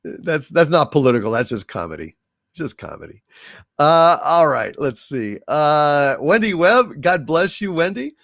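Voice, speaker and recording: A man hosting a casual live stream, reading out viewer messages and now and then slipping into recited verse, song and impressions, with a halting way of talking full of fillers and restarts. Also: on the high side, very animated, fairly bright tone, dry recording, clean studio sound. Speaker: livestream host.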